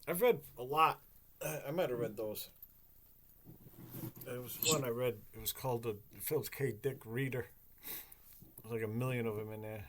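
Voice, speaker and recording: A man's voice: mid-range voice, moderate pace, long pauses, slight background noise. Profane rambling man telling stories. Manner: rambling, profane, animated storytelling. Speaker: podcast host. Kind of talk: casual chat.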